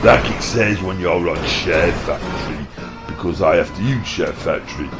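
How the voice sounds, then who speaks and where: A young man with a Yorkshire accent bickering and joking through improvised comedy banter, often shouting and squabbling. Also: deep voice, moderate pace, loud music behind the voice, low-quality recording. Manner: rowdy, squabbling, swears mildly. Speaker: channel host.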